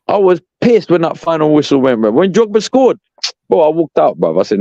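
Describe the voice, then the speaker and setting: A man's voice: a little high, very animated, fairly quick, warm tone, no echo. A young man ranting as a podcast co-host, profane and exasperated, saying "bruv" constantly. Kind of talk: heated fan rant. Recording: dull, dry lo-fi sound.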